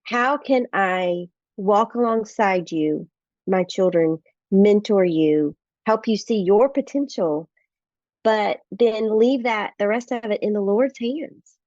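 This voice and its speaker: A woman's voice: medium pitch, slow, darkish tone, dry recording, highs cut off. A middle-aged woman, a guest author, telling family stories in earnest in a podcast interview and acting out the dialogue.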